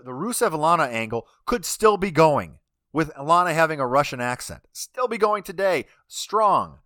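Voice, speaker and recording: A man co-hosting a casual podcast, ranting in an animated way and often restarting his sentences. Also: fairly high pitch, no echo, studio quality. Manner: animated, ranting, talks over himself with restarts. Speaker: podcast co-host. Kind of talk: casual chat.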